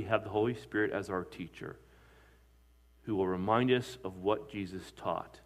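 A man with a fairly low voice preaches a sermon as a pastor. He swings between strong, emphatic lines and quieter, softer ones, often putting questions to his listeners and answering them himself. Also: expressive, normal speed. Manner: emphatic preaching with rising and falling loudness, asks the congregation questions.

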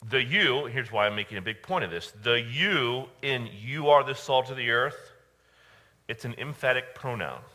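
A male pastor preaching a sermon, emphatic, with dramatic pauses and repeated phrases. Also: mid-range voice, animated, pushed and bright. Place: church.

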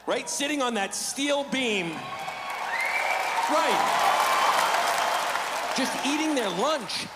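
A man doing stand-up comedy as an animated, self-mocking storyteller on a large theater stage. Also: extremely high pitch, very slow, long pauses, a loud crowd. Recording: reverberant stage recording with background noise.

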